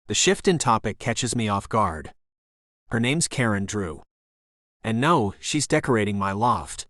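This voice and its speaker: A man reading a first-person romance audiobook in a steady, even narration. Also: fairly low pitch, unhurried, no room sound, clean studio sound.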